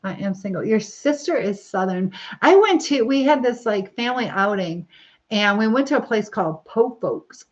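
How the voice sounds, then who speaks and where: A middle-aged woman hosting a casual live stream, chatting and laughing as she reads viewer comments while styling her hair. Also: mid-range voice. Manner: chatty, rambling, frequent laughs. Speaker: livestream host reading viewer comments. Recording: slightly dull lo-fi sound.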